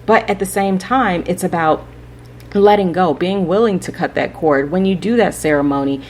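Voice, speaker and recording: At normal speed and with a voice on the low side, a woman hosts a spiritual podcast. She talks directly to her audience, rambling and preaching advice while repeatedly tagging on "right?".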